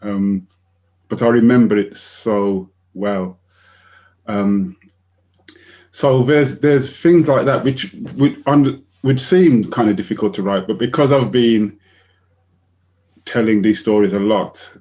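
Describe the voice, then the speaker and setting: A man's voice: on the low side, slow pace, long pauses. Older man telling stories animatedly. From United Kingdom. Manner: animated storyteller who acts out quoted voices and laughs often. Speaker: guest author. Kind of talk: storytelling in a conversation.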